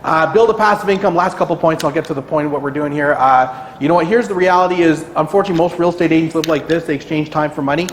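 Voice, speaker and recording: A man giving an energetic motivational talk at an office meeting, often asking "right?" and acting out anxious clients in high, quick bursts. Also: slight background noise. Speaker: guest speaker at a realty kickoff meeting. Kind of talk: motivational presentation. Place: meeting room. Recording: echoey room.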